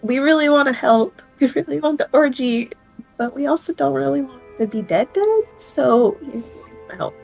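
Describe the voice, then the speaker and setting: A woman's voice: high voice, moderate pace, creaky, faint music behind, rough recording. Hesitant woman player thinking aloud. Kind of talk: tabletop role-play.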